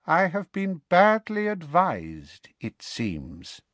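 A man putting on a cruel dark lord whose voice sits high and cold, each word slow and deliberate. The delivery is dry and close, with a lively rise and fall. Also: no room sound, full character voice. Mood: cold menace. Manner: slow, menacing, measured.

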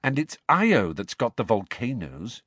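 A man's voice: mid-range voice, huge pitch swings, a little slow, a bit bright, husky, no room sound, heavily acted. A man reading aloud and voicing a bossy, clever teenage schoolgirl with a raised, eager voice. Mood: correcting.

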